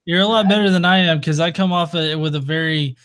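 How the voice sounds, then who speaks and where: A man's voice: fairly high pitch, fast talker, a bit bright. A tired man with a Southern US accent, telling crude stories in laid-back casual chat. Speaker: guest YouTuber.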